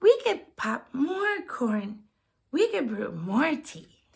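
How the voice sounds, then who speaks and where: A woman voicing a small fussy male mouse for a storybook, in a high squeaky voice. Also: sing-song, takes it slowly, gravelly, slight background noise, exaggerated voice. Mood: soothing.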